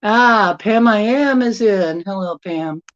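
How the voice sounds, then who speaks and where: Slow, rambling woman streaming. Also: lowish voice. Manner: rambling and chatty, greets viewers by name. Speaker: livestream host. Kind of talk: casual live-stream chat. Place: room at home. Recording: dull lo-fi stream audio.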